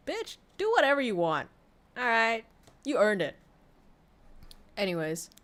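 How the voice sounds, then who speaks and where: A young woman from Vietnam, a VTuber streamer chatting casually on a livestream, frank and quick to swear and laugh. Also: mid-range voice. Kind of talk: casual livestream chat reading posts.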